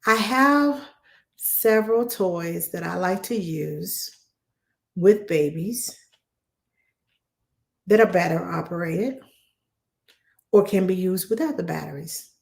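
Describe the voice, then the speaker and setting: Animated woman answering baby questions. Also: lowish voice, slow pace, gravelly, long pauses. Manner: animated, acts out quoted voices, repeats for emphasis; conversational with fillers and restarts. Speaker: nanny answering viewer questions. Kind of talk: casual live Q&A.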